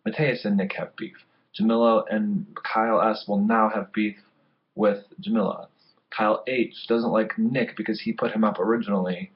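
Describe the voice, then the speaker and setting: A man's voice: fairly low pitch, fairly even intonation, normal speed. A man in a game confessional, listing rivalries in a matter-of-fact way. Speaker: online reality game player. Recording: dull lo-fi audio.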